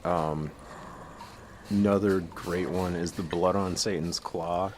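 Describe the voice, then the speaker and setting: Deep-voiced, eager male radio guest. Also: fairly even intonation, slow, noisy background. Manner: enthusiastic about films, chatty. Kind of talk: casual radio chat. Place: radio studio.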